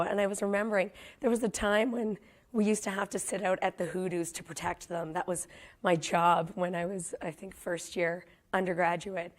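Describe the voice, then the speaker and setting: A young woman from Canada giving a casual public lecture while losing her voice. She speaks low and hoarse, and her delivery is chatty and self-deprecating. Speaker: guest lecturer.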